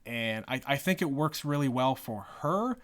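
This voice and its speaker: A man's voice: medium pitch, animated, moderate pace, a bit bright. A man co-hosting a podcast, recapping a movie casually, rambling and restarting often. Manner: rambling, repeats words, many fillers. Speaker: podcast co-host.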